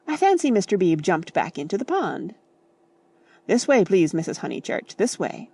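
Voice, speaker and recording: A woman voicing a stiff, pompous young gentleman who speaks in a clipped, commanding way in an audiobook. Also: medium pitch, sing-song, moderate pace, distant mic.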